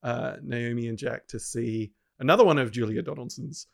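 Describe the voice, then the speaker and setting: A man's voice: medium pitch, normal speed, creaky. A man, a father and podcast co-host, chatting casually with frequent chuckles. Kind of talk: casual chat.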